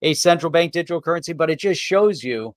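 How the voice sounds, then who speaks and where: A man's voice: a little high, animated, fast talker, no echo, studio quality. A man co-hosting a live crypto talk show in casual chat, laughing often as he talks.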